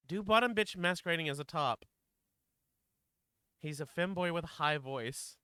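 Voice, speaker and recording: Lively bright-voiced swearing male streamer. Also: a little high, normal speed, long pauses, clean tone, no room sound, clean studio sound. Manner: swearing, laughing, flustered. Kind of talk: casual live-stream chat.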